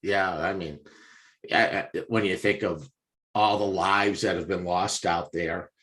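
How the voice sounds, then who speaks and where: A man's voice: sits low, steady tone, unhurried, fairly bright tone. A man as a guest in casual chat, rambling and now and then teasing.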